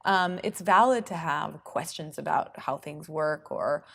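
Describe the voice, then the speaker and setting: A woman therapist giving a relaxed, conversational talk to parents, often filling pauses with "um" and "you know". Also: low-pitched, creaky. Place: speaking at a public awareness event.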